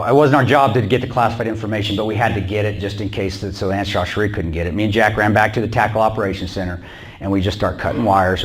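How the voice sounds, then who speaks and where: A man telling a combat story to a church audience in a blunt, plain-spoken way. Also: fairly low pitch. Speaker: guest speaker recounting combat. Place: small church.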